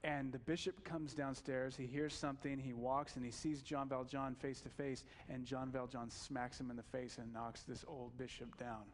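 A preacher retelling a film story in a sermon, animated, with fillers. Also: male voice, mid-range voice, normal speed, few pauses, in a large hall, slight background noise.

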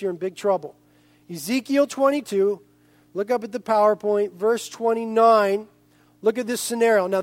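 A male pastor preaching a sermon in an animated way, speaking directly to the congregation. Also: very high voice, dry recording.

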